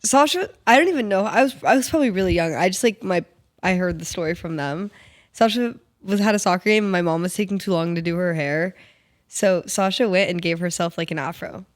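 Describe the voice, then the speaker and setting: A woman's voice: fairly low pitch, fairly quick, no echo, clean studio sound. A young adult woman co-hosting a podcast, chatting casually and giggling a lot. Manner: giggly, chatty, full of "like" fillers. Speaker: podcast co-host. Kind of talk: casual chat.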